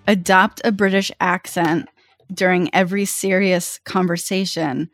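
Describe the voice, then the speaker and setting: A woman's voice: fairly low pitch, normal speed, faint music behind. A young adult woman co-hosting a casual podcast chat, telling stories with lots of laughter. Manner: animated storytelling, frequent laughter. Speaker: podcast co-host.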